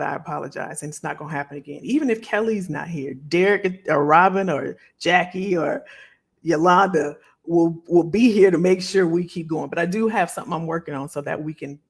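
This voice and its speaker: A woman's voice: sits low, creaky, slightly rough. A middle-aged woman hosting a live stream, chatting casually and heartfelt with her viewers and often repeating phrases. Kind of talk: casual chat to a live audience.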